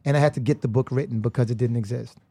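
A man from the United States, a guest in a casual interview, telling lively stories and acting out the voices of the people in them. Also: mid-range voice, very fast, husky. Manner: animated storyteller who acts out voices.

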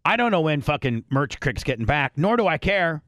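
Guy on a podcast rambling through a story, swears a lot, keeps clearing his throat, dry sound. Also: fairly high pitch, sing-song, brisk, a bit bright, dry recording. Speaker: podcast host. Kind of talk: casual chat.

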